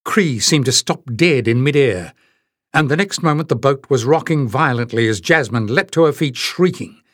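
A man's voice: mid-range voice, lively intonation, moderate pace, fairly bright tone, no room sound, studio quality. A man reading a fantasy audiobook in a dramatic storytelling manner. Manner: dramatic, lifting his voice for the characters. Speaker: audiobook narrator. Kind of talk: scripted audiobook narration.

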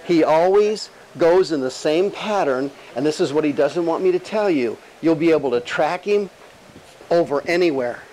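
A male pastor delivering a lively sermon with a higher-than-usual voice. He is emphatic and jokey, firing rhetorical questions, with a faint room ambience behind him. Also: moderate pace, a little hiss or hum, low-quality recording.

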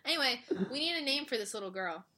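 A woman co-hosting a casual podcast about animation, teasing and joking in a playful, deadpan way. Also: sits high, fast. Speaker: podcast co-host.

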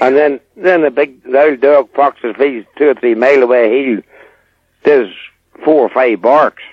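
A man's voice: medium pitch, moderate pace, breathy edge, dry recording, muffled recording. An older man, a rural guest on a radio show, rambling about animals in a folksy, confident way. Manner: rambling, folksy, sure of himself. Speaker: rural guest answering listener questions. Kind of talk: casual radio chat.

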